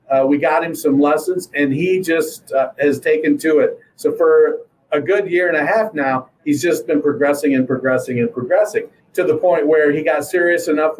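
A man's voice: a little high, a little hiss or hum, rough recording. A middle-aged man telling a long story in casual chat, rambling with fillers and restarts. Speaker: guest.

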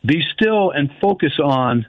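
A man calling in to a radio show, talking haltingly and reflectively and slowing down to stress quoted phrases. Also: on the high side, lively intonation, no room sound. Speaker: caller. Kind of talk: phone-in call. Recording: tinny phone line.

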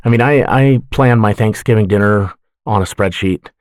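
A middle-aged man with a fairly low voice chats as a podcast guest, friendly and self-deprecating, often pausing on ums. The sound is dry and close to the mic. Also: dry recording. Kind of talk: casual interview talk.

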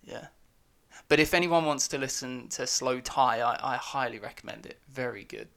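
A man's voice: mid-range voice, moderate pace, gravelly, a bit bright. A young man co-hosting a podcast in casual chat, joking and goofy. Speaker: podcast co-host.

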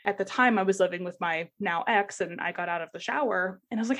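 A woman's voice: mid-range voice, moderate pace, hardly any pauses, fairly bright tone. A young woman casually telling a personal story in a podcast chat, laughing often and acting out the voices of the people she quotes. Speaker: guest sharing personal story.

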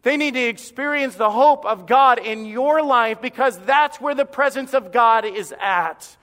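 A male pastor preaching a sermon in a church, impassioned and emphatic with dramatic pauses. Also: very high-pitched, bright, forceful tone. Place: church sanctuary. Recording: long reverb of a church hall.

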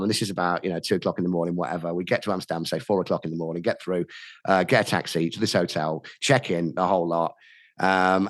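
A middle-aged man spins a rowdy anecdote with a wide, swooping pitch range, acting out each voice in turn. His voice sits close and dry on a studio mic, with no room sound around it. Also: dry recording. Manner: animated, acts out quoted dialogue with laughs. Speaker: podcast guest, radio DJ. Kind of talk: anecdotal storytelling.

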